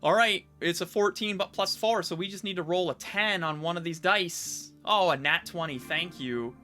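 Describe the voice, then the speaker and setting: A man's voice: high-pitched, moderate pace, sharp tone, faint music behind. A man streaming a live game playthrough, talking casually and wryly while thinking aloud.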